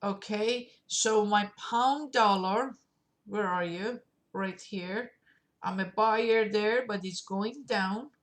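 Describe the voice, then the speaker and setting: A woman streaming her forex trades, thinking aloud as she clicks through charts, with many pauses and fillers. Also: medium pitch. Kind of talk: live screen-share trading commentary.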